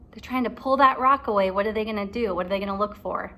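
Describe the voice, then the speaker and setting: A woman teacher reading a chapter book aloud to kindergarten children, pausing to ask encouraging questions. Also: mid-range voice, bright, forceful tone. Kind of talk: read-aloud for young children.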